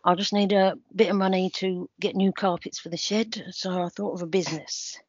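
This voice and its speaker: A man's voice: high-pitched, steady tone, a little fast, no room sound. Flustered man, dry close sound. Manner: flustered, improvising. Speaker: podcast co-host. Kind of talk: comic podcast banter. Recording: dry, slightly dull.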